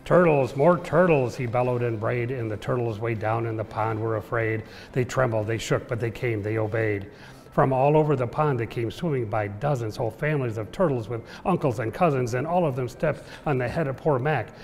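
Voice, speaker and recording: A man reading a rhyming children's book aloud with a lively, rhythmic delivery. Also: mid-range voice, fairly quick. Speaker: storyteller. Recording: echoey room with long reverb.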